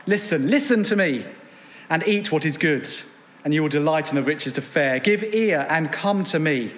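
A man's voice: fairly high pitch, normal speed, a bit bright. A man preaching an evening sermon, earnest, reading scripture aloud and asking rhetorical questions. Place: church gathering room. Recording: long hall reverb.

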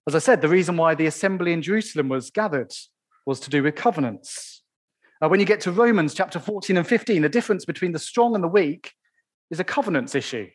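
A man preaching a sermon in church, stressing key phrases slowly and asking the congregation rhetorical questions. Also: a little high, expressive, breathy edge.

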